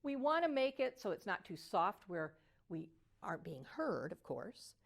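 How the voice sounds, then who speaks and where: An older woman voice coach giving a motivational teaching talk, animated and at times singing phrases to show melody. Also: mid-range voice, a little slow, gravelly.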